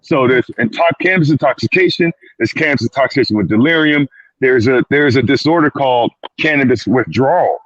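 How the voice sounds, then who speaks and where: This clinician, a guest on a panel, talks a little fast in a medium-pitched, slightly bright voice. He's insistent, repeats himself, and performs small quoted asides, all heard through a dull, dry recording without echo or room sound.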